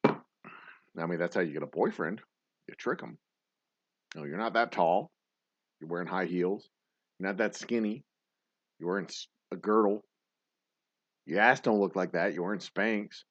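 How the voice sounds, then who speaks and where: A man's voice: sits low, a little slow, long pauses, no echo, lo-fi sound. A man hosting a drinking livestream show, ranting crudely and laughing in rambling, profane chat. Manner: loud, crude, laughing, tipsy rants. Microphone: webcam livestream setup.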